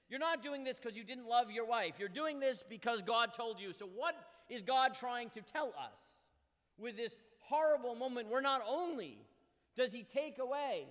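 A man with a high voice teaches a text study lesson. He reads verses aloud and explains them with earnest emphasis. His voice carries a long hall reverb. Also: fairly bright tone. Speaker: Torah teacher.

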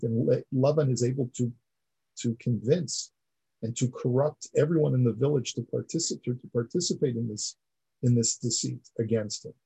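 A man's voice: medium pitch, vocal fry, mellow, slightly rough, rough recording. A man teaching a class, explaining earnestly and repeating words as he builds each point. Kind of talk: classroom lecture.

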